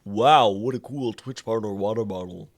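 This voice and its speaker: A man doing a deep droning chat voice. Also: moderate pace. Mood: teasing. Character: mocking low-voiced chatter reading.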